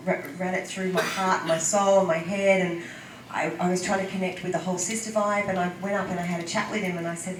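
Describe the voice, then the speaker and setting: A woman's voice: fairly low pitch, flat delivery, fairly quick, a little hiss or hum. An Australian woman chatting playfully on a convention panel. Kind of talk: casual panel talk. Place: large convention hall. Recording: echoey hall recorded from far off.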